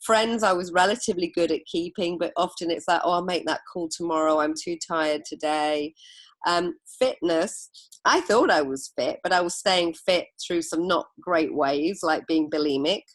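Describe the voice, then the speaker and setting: A woman's voice: lowish voice, normal speed, no room sound. A middle-aged woman from England, a book author, telling reflective anecdotes as a guest in a podcast interview.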